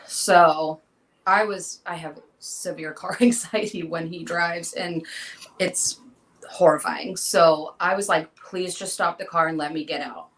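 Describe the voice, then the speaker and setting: Young woman telling her story in an interview, kinda low voice, acts out what people said. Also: a bit bright, low-quality recording. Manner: recounts events, acting out quoted dialogue. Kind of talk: emotional personal account.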